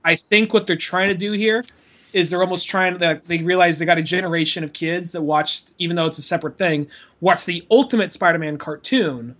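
Bright high-voiced man rambling in chat. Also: fairly quick. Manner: rambling, many fillers like 'kinda' and 'like'. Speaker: podcast co-host. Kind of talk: casual comedic chat.

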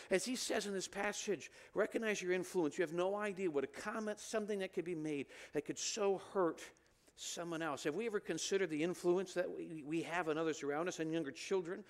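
A middle-aged man preaching a sermon in a church, animated, rising to loud emphatic peaks. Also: high-pitched, brisk. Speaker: pastor. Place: church sanctuary.

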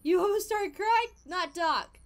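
A young woman streamer chatting casually while she plays a game, animated and giggly, squealing at surprises and murmuring quiet asides. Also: extremely high pitch, unhurried. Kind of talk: casual gameplay commentary.

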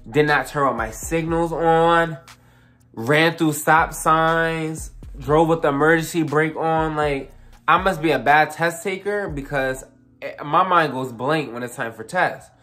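Young adult telling a profane storytime. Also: medium pitch. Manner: animated, profane storytelling with lots of fillers and asides to viewers. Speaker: vlogger. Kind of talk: casual storytime vlog.

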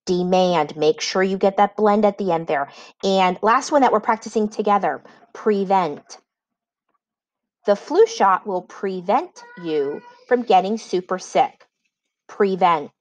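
Speaking in a mid-range voice, a woman reading teacher slowly and clearly dictates spelling words for children, giving a sentence for each. The recorded lesson has no echo.

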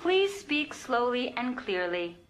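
A woman voicing a polite voice-activated elevator that calmly repeats its prompts. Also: fairly high pitch, slow pace. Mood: prompting. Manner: calm, scripted, repeats the same prompts. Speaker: lift voice in a sketch. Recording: noisy, with audience laughter.

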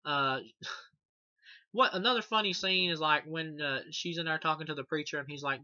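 At a moderate pace, a man with a bright, forceful, somewhat high voice reviews a horror movie. His talk is loose and profane, full of fillers and restarts, and he laughs at the film. The recording is dull, dry, lo-fi, with no echo.

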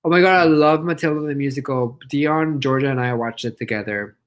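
A young man from Mexico chatting casually on a livestream, reading comments out loud, playful and giggly, and squealing at his pet. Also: mid-range voice, fairly quick, poor audio. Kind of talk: casual live-stream chat reading comments.

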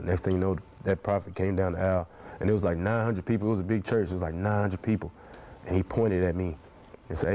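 A man's voice: sits low, fairly even intonation, quick pace, warm tone, slight background noise. A man in his twenties speaking in an interview with passionate, preacher-like conviction, dropping "man" into nearly every phrase. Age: 20s. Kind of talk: earnest interview talk.

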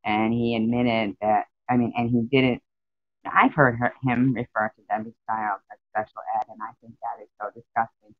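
A woman's voice: rumbling low, level tone, normal speed, dry recording, phone-quality sound. Rambling woman chatting on a live stream. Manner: rambling and emotional, greets viewers by name. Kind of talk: casual live-stream chat with viewers.

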